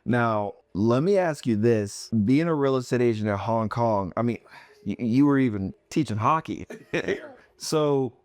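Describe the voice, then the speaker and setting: A man's voice: mid-range voice, animated, unhurried, a little mellow, no echo. A man hosting an interview podcast, asking rambling, enthusiastic questions full of restarts. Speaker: podcast host. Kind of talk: casual interview chat.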